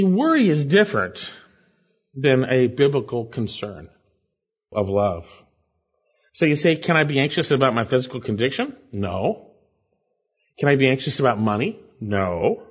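A man preaching an expository sermon as pastor, emphatic, with sharp jumps in pitch on key words. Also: slightly rough. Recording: dull, lo-fi church recording.

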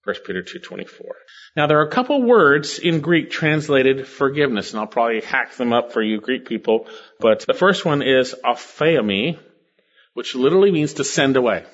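A man's voice: medium pitch, animated, normal speed, highs cut off. An older man preaching a sermon, working through scripture verses and Greek word meanings with bursts of enthusiasm. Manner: expository preaching, quoting scripture and Greek words, with sudden swells of enthusiasm. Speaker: pastor.

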